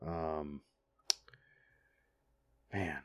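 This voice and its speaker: A man's voice: rumbling low, steady tone, very slow, smooth, no echo, studio quality. A man chatting casually on a podcast, rambling and hesitant with lots of filler words and casual swearing. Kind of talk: casual chat.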